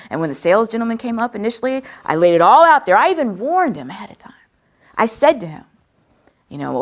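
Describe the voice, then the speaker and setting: A woman host recounts a story in a lively, animated voice that sits somewhat high and swings widely in pitch. She talks conversationally and leans on words for emphasis. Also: fairly quick. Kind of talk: storytelling talk on sales.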